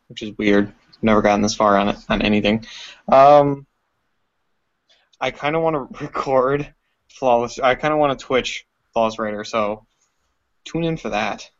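A man's voice: fairly low pitch, moderate pace, long pauses, highs cut off. A man co-hosting a casual gaming podcast, talking in short, matter-of-fact bits. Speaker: podcast co-host.

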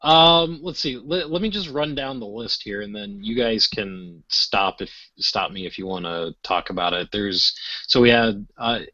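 A man's voice: lowish voice, normal speed, dry recording. A man co-hosting a gaming podcast, telling a story in a rambling way full of fillers and restarts. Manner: rambling, many fillers and restarts, animated when acting out quotes. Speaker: podcast co-host. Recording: dull lo-fi sound.

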